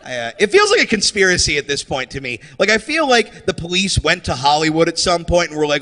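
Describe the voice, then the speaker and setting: A man performing a stand-up comedy set on stage, animated and slipping into mocking character voices. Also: fairly high pitch, brisk, few pauses, in a large hall. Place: comedy stage before a live audience.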